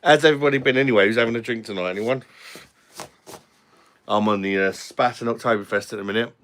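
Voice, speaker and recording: A man's voice: lowish voice, quick pace, a bit bright. A young Englishman hosting a casual live stream, chatting and joking with viewers as he reads their comments. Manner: chatty and jokey, swears casually.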